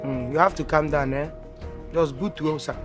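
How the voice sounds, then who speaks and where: An excitable Nigerian man, as an actor plays him, fairly high voiced, bouncing between English, Pidgin and Igbo. Music plays clearly beneath him. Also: moderate pace, natural voice. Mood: excited. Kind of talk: Nollywood film acting. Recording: film audio with music under.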